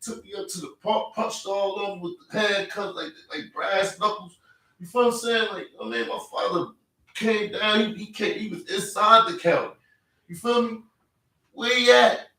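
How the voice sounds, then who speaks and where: A man with a high, bright and forceful voice, speaking at normal speed, hosts a podcast and tells a personal story casually. He rambles in street slang and keeps checking in with "you feel me." The mic is distant in an echoey room.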